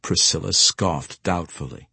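A man reading fantasy fiction aloud in a measured, expressive storytelling manner. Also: sits low, gravelly, husky, no echo. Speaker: audiobook narrator. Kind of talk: scripted fantasy narration.

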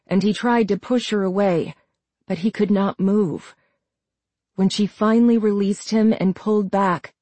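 Slow, measured woman narrating a story. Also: medium pitch, dark tone, no room sound. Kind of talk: scripted audiobook narration.

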